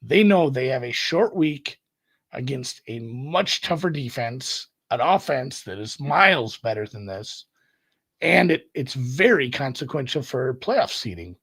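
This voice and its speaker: A man's voice: medium pitch, very animated, a little slow, fairly bright tone, slightly rough. A man hosting a podcast, casually thinking aloud about sports bets as he checks the odds. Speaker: podcast host. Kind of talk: casual solo sports betting talk.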